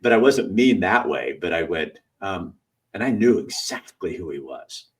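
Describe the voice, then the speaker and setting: A middle-aged man with a low, highly animated voice that swings widely as he tells stories. He acts out voices and laughs easily. He sits a bit back from the mic. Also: moderate pace, distant mic. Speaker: host. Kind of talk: casual storytelling conversation.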